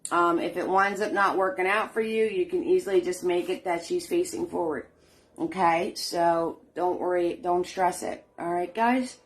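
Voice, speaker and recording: Teaching a painting class streamed live online, this middle-aged instructor speaks at a fairly low pitch, with a steady tone and moderate pace. She greets viewers by name, calls them sweetheart and hun, and keeps up a chatty, encouraging patter over faint music.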